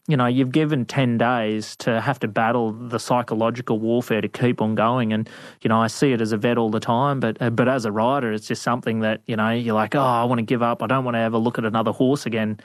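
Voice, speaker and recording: A man recounting his adventures in a loose, chatty style, laughing often as he talks. His voice sits at an ordinary pitch, and the recording is dry and close. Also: no room sound. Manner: laughing, animated, casual with fillers. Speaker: guest, veterinarian. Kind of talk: storytelling interview. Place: studio.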